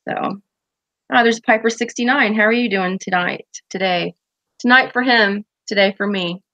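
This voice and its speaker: A woman hosts a relaxed livestream chat and reads out viewer comments as she goes. Her voice sits in a middle pitch and comes through close and dry, with no room sound. She talks loosely, with plenty of "um"s and restarts. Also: normal speed, no room sound. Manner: chatty and rambling, with frequent fillers and restarts. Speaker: host of a pipe-smoking chat stream.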